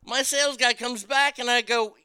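A man's voice: extremely high pitch, steady tone, moderate pace, bright, forceful tone, clear, resonant tone, no echo, clean studio sound. A man telling a story as a profane rant, stammering and repeating his words as he swears.

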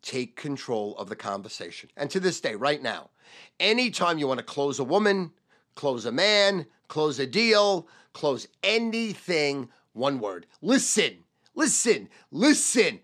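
A middle-aged man, a sales trainer giving a profane motivational rant and shouting repeated keywords. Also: on the high side, sing-song, a little slow.

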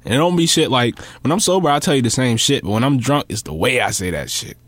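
Animated, profane young man. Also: quick pace, dry recording. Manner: animated, profane, acts out quotes with big pitch swings. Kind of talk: casual storytelling chat.

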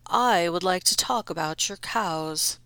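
A woman voicing a scheming noble count who speaks in a smooth, measured, condescending way. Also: fairly low pitch, sharp tone, dry recording, low-quality recording.

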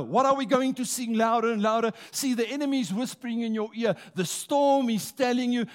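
With an extremely high pitch, a man preaches a rousing church sermon, easing his pace for emphasis and calling on his listeners to respond.

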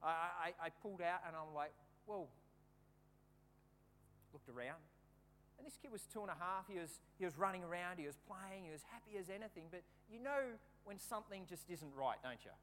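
A man preaches a sermon in a high, bright-pitched voice, acting out funny stories as he goes. His words ring out with a long reverb in a large hall, with a faint hum underneath. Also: moderate pace. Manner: lively anecdotal storytelling, acting out the scenes. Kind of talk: sermon with humorous personal stories.

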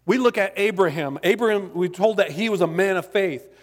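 A man's voice: high-pitched, fairly quick. A man preaching a sermon in a church sanctuary, talking conversationally with jokes and asides. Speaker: pastor. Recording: long reverb of a large hall.

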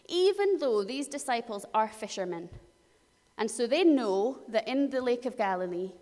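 A woman preaching a sermon, telling the story in a lively way and acting out voices. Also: a little high, moderate pace, big-room sound.

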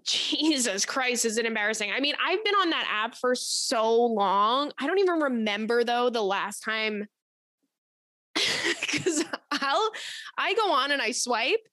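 A young woman hosts a podcast in a loose, chatty style, telling stories bluntly with plenty of swearing. Her voice sits a little high and has a bright, forceful edge. The recording is dry and close, with almost no room sound. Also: no room sound. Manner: blunt, profane and animated. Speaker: podcast host. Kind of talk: casual storytelling chat.

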